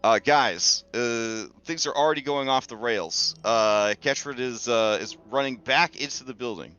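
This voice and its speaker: A man's voice: mid-range voice, unhurried, smooth, dull audio. A man narrating as game master of a tabletop game, talking with lots of fillers and restarts. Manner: lively, many fillers and restarts.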